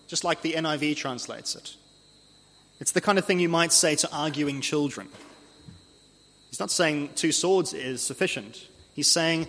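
A man's voice: on the high side, bright, forceful tone. Man preaching in a reverberant hall. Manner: earnest expository preaching, slows for emphasis on scripture. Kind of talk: sermon.

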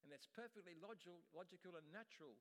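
A man's voice: high voice, quick pace, fairly bright tone. A man from Australia preaching a sermon in a conversational way, often restarting his phrases. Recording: long hall reverb.

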